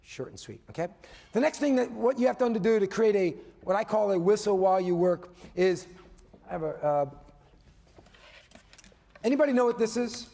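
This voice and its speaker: A man giving a motivational keynote as a business coach, animated, swinging between loud emphasis and hushed asides, often tagging points with "okay?". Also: high voice, normal speed, creaky, long pauses. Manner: tags points with a questioning "okay?". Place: conference hall before a live audience. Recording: long reverb of a large hall.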